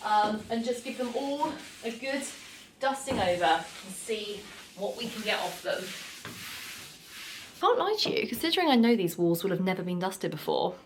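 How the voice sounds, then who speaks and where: A young British woman talks casually while she works through a cleaning job, drifting into asides and then getting back to the task. Her voice sits at an everyday middle pitch. The camera is set down in a hard-walled office, so the room rings around her, with a faint hiss underneath. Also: animated, moderate pace. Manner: chatty, goes off on tangents. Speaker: cleaning vlogger. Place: office building indoors. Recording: echoey room with faint noise.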